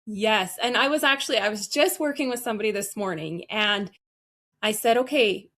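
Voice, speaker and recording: Answering interview questions, a customer service trainer sounds energetic and emphatic, like a coach. She has a medium-pitched voice and a moderate pace.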